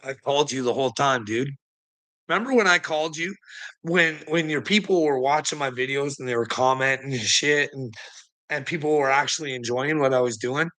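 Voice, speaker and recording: Man ranting with a forceful, tense voice. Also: mid-range voice, fairly quick. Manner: taunting, sneering, laughs between jabs. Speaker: online commentator. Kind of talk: profane mocking rant to camera.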